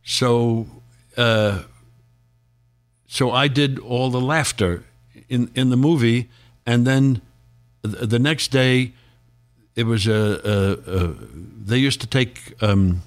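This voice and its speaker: An older man, a guest actor, reminiscing in a casual interview, rambling through stories and chuckling often. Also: medium pitch.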